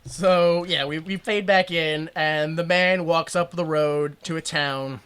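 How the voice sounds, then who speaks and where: A man's voice: a little high, fairly even intonation, takes it slowly, fairly bright tone, smooth. A man co-hosting a podcast, casually recapping an old show, laughing often and slipping into exaggerated old-timey voices. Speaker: podcast co-host. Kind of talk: casual comedic recap chat.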